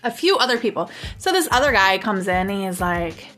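A woman's voice: mid-range voice, sing-song, fairly quick, fairly bright tone, faint music behind. A woman hosting a podcast, telling a personal story in a casual, rambling way full of "um" and "like". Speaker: podcast host.

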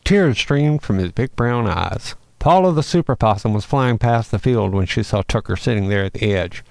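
A man hosting a show and reading a children's Christmas story aloud in a folksy, expressive way. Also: medium pitch, no room sound. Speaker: host and storyteller.

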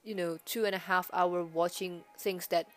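A woman's voice: fairly low pitch, fairly even intonation, moderate pace, soft background music. A young woman giving a casual movie review, chatty and rambling, stringing her thoughts together as she goes. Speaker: film reviewer.

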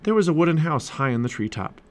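A man's voice: fairly high pitch, fast talker. A man narrating a children's chapter book aloud for his family. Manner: animated storytelling. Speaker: storybook reader.

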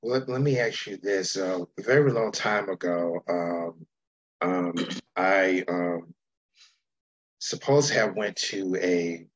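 Man, talk host, very deep voice, slow, husky, dry close sound. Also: no room sound, muffled recording. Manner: hesitant, searching for words. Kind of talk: casual chat.

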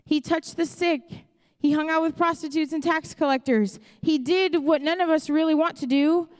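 A young woman pastor with a Chicago accent delivers a sermon in a frank, conversational way, slipping into acted-out asides. Her voice sits a little high. The sound rings out with the long reverb of a large church hall. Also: fairly even intonation, normal speed. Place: church auditorium.

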